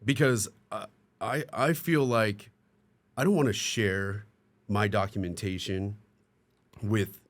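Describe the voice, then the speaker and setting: A man's voice: fairly low pitch, slow pace, long pauses. A man co-hosting a casual podcast discussion who asks questions hesitantly and laughs often. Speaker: podcast co-host.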